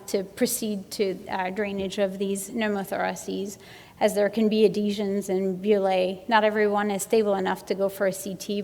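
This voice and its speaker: A woman gives a medical conference talk in an even, monotone delivery with a gravelly edge. She presses her recommendations earnestly. Her voice carries the long reverb of the hall. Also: mid-range voice. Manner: earnest, urges her points with repeated emphasis. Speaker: physician presenting at a medical conference. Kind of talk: conference lecture.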